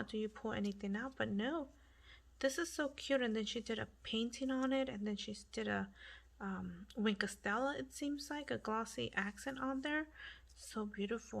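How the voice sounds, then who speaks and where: A woman hosting a home crafting channel, speaking in a hushed half-whisper and gushing with lots of fillers. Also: mid-range voice, vocal fry. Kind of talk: casual crafting vlog. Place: home at night.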